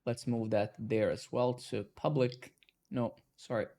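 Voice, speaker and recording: An unhurried man with a mid-range voice codes live while chatting casually to himself and his viewers. He swears and has excitable outbursts whenever things go right.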